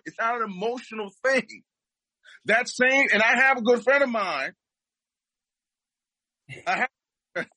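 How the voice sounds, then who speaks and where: A man's voice: high voice, pushed and bright, no echo, poor audio. A man speaking as a guest, giving impassioned political commentary and repeating his points for emphasis.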